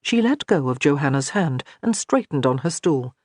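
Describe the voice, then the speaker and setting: A narrator reading a historical romance audiobook in a steady, measured way. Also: mid-range voice, no room sound, clean studio sound. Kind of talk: scripted narration.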